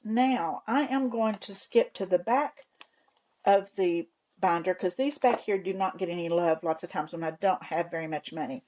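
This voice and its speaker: A savings channel host with a fairly low, darkish voice narrates a casual cash-stuffing vlog. She's folksy and homey, counting cash aloud to herself, and the rough recording carries slight background noise.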